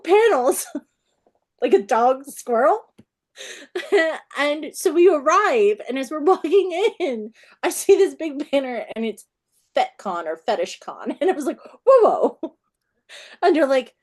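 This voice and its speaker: A woman author as an interview guest, telling stories in an animated way, often laughing and acting out the people in them. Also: fairly high pitch. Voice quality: acts out the people in her stories.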